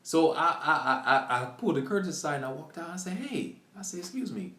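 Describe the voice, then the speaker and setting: A man live-streaming to viewers, excitedly retelling a story with many restarts and acted quotes. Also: fairly high pitch, fast, roomy sound. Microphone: computer mic on a live stream.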